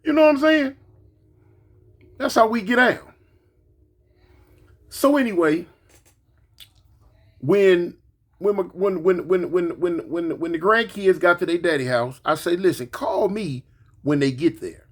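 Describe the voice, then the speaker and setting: A man's voice: high voice, a little slow, pauses often. A man in his forties, a grandfather, telling a story in a casual monologue and acting out the quotes. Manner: animated, acts out quotes, repeats words.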